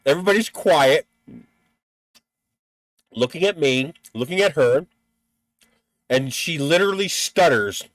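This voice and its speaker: A man's voice: on the high side, expressive, a little slow, pauses often, no room sound. A man hosting a live stream in casual chat, blunt and profane, who laughs at his own stories.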